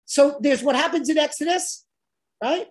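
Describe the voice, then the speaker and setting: A woman giving an animated lecture on scripture, often checking in with "right?" and dropping Yiddish words. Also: sits high, moderate pace. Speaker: teacher.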